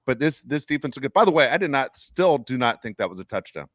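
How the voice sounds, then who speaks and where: A man's voice: mid-range voice, very animated, fast, fairly bright tone, no echo, studio quality. A man co-hosting a sports podcast, giving wry, opinionated takes in casual chat. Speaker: podcast co-host.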